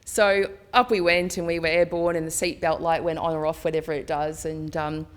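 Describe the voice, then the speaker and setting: A woman's voice: low voice, little pitch movement, fairly quick. A woman giving a candid conference talk, chatty and acting out dialogue as she tells personal stories. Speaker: conference speaker. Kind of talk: personal storytelling presentation.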